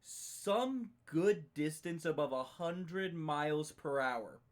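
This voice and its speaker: A man's voice: a little high, animated, slow pace. Emphatic male storyteller on a book podcast. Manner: emphatic storyteller, swears freely. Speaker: book club podcast co-host. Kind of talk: casual chat, retelling a story.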